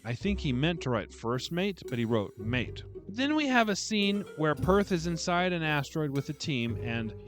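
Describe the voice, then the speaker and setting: A man's voice: fairly high pitch, very animated, normal speed, hardly any pauses, faint music behind. A man hosting his own book review channel, delivering a scripted, wry and mocking critique.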